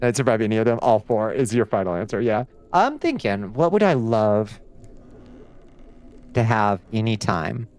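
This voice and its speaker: A man chatting casually and swearing often while livestreaming a game, reacting loudly and talking to his chat. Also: on the low side, moderate pace. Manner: profane, excitable, chatty with chat. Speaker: streamer.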